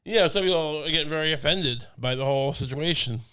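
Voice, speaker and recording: A young man with a smooth, resonant voice, sitting a bit high for a man. He co-hosts a podcast and jokes in a deadpan, rambling way, restarting his sentences often. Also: quick pace. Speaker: podcast co-host. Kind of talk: casual comedic chat. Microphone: studio podcast mic.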